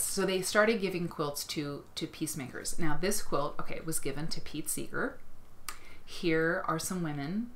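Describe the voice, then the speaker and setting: A woman from Iowa hosting a casual livestream, gushing and rambling excitedly as she shares quilt pictures. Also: low-pitched, slight background noise. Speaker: livestream host.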